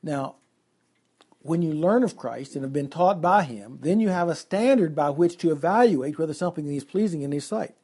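A man's voice: a little high, expressive, moderate pace, a little mellow, husky. A man preaching an expository sermon, reading scripture aloud and earnestly explaining it verse by verse.

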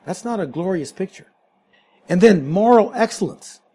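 A man with a husky, slightly higher voice leads a Bible study. He works through a passage, explains the original Greek and puts questions to his listeners. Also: lively intonation, normal speed, warm tone. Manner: explanatory, asks the class questions. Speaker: Bible teacher. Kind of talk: verse-by-verse Bible teaching.

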